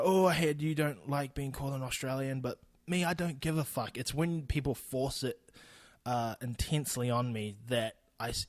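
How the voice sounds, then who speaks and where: Young New Zealand man, blunt and profane podcast host, even mid pitch, dead-dry close sound. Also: no room sound. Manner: blunt, sweary, laughing asides. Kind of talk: solo podcast rant. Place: home recording in Austin.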